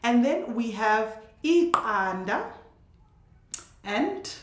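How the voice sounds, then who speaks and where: A woman teaching a casual language lesson, patiently repeating words slowly so listeners can hear each sound. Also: fairly high pitch, very animated, roomy sound.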